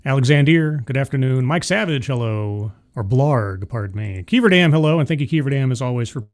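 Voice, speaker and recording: A man's voice: mid-range voice, lively intonation, a little fast. A man hosting a casual livestream, greeting viewers by name, reading news aloud and giving blunt opinions. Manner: chatty, reads news aloud and comments bluntly. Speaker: livestream host. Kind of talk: casual live commentary.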